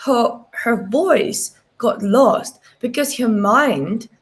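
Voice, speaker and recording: A woman life coach telling client stories to a live stream audience, animated, with wide swings in pitch and frequent tag questions. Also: extremely slow. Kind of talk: live-streamed motivational talk.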